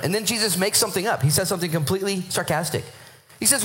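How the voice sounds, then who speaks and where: A man's voice: high-pitched, very fast, a little hiss or hum. A male pastor preaching a sermon and telling stories with acted-out quotes. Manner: animated storytelling with acted-out quotes.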